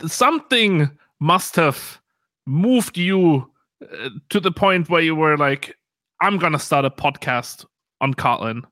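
Bright-voiced man bantering on a podcast. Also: a little high, expressive, takes it slowly, no room sound. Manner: laughs easily, playful banter. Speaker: podcast co-host. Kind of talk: casual chat. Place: Munich home.

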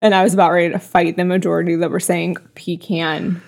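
A woman's voice: lowish voice, level tone, rapid-fire, vocal fry, a little mellow. A woman co-hosting a podcast in casual chat, sassy and playfully combative, swearing freely. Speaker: podcast co-host.

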